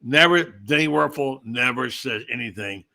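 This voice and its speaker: A man's voice: mid-range voice, moderate pace, vocal fry, bright, forceful tone. A man hosting a casual sports talk podcast, rambling in a conversational, storytelling way. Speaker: podcast host.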